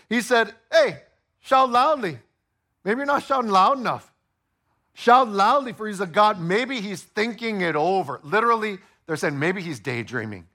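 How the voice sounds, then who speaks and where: This is a high-voiced man preaching, lively and full of play, who acts out each character's voice as he tells the story from the pulpit.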